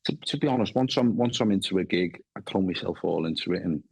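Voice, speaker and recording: Low-voiced Scouse man, chatty. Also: fast talker, vocal fry, darkish tone, breathy edge, no echo. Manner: chatty, swears freely, frequent restarts. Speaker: actor guest. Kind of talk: casual chat.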